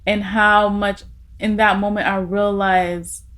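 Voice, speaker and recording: A woman's voice: medium pitch, level tone, slow pace, a bit bright. Emotional young woman telling a story. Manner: emotional storytelling, laughing through tears. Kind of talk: casual podcast conversation.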